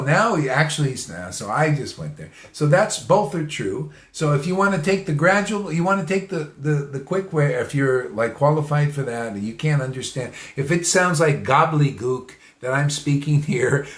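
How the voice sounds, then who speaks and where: This man's fairly high voice is animated, moving at a normal speed with few pauses. He's a spiritual teacher giving an informal talk in an echoey room, laughing frequently, addressing his audience directly and repeating phrases to drive points home.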